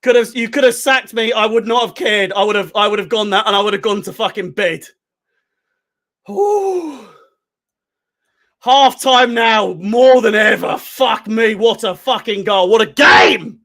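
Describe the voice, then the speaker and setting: Hoarse, excitable football fan. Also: male voice, high-pitched, normal speed, hardly any pauses. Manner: excitable, swears heavily, swings from muttering to screaming. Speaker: fan channel host. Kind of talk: live match watchalong commentary.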